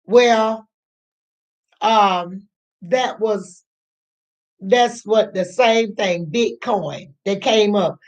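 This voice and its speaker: An older woman, a grandmother, telling a personal story in a chatty, rambling way, repeating herself and acting out what others said. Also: mid-range voice. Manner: slow, chatty, repeats herself, acts out quoted voices. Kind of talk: casual storytelling to camera.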